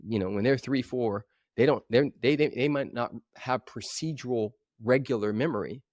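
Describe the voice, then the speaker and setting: A man in his forties, a coach talking as a guest in a podcast interview, telling stories with animated energy and acting out other voices. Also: mid-range voice, moderate pace, no room sound. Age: 40s. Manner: animated storyteller who acts out voices.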